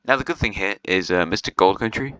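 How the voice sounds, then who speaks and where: Man, low voice, sharp bright tone, dry close sound, casual rambling commentary, um-heavy, half-joking. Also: a little fast, no room sound, low-quality recording. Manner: rambling and chatty, with frequent ums and restarts; half-joking, with short laughs. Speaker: video creator commenting on a series.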